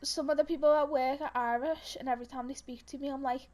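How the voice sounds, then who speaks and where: High-voiced, giggly young woman. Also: steady tone, quick pace, a little mellow. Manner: rambling, giggly storytelling with many fillers. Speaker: podcast co-host. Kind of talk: casual chat.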